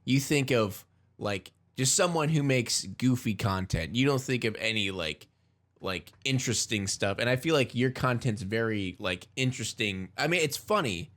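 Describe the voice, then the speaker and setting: Rambling, excitable podcast co-host man. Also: mid-range voice, normal speed. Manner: rambling, enthusiastic, stumbling restarts. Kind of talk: casual chat.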